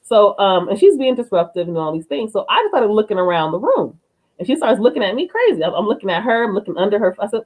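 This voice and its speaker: A middle-aged woman talking casually and bluntly as a podcast co-host, an animated storyteller who swears freely. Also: mid-range voice, quick pace, rough recording. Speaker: co-host, youth worker.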